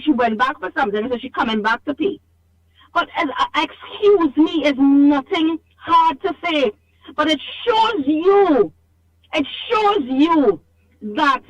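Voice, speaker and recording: The high-pitched, fairly bright voice of a Trinidadian woman comes through a phone line as she calls a radio show. She complains animatedly, scolding with emphasis and repeating herself to stress her points.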